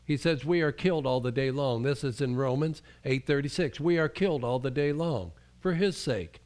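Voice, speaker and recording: A man's voice: medium pitch, moderate pace, a little mellow. A male pastor preaching a sermon in a conversational way, often restarting his sentences and acting out the voices he quotes.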